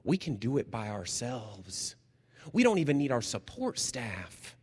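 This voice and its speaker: A man preaching a sermon as a chaplain, lively and jokey, moving between loud bursts and hushed near-whispers. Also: mid-range voice, a little slow, slightly rough. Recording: long hall reverb.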